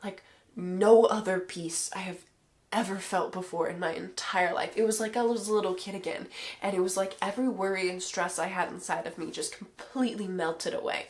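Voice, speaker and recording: A woman's voice: mid-range voice, fairly even intonation, fairly quick. A woman giving a personal faith testimony to the camera, talking earnestly and emotionally straight to her viewers.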